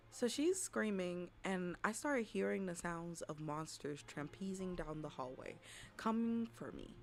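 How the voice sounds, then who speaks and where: A woman streamer at home tells her chat a story on a desk mic, her voice on the low side. She's profane and dramatic, swinging from loud outbursts to hushed whispers.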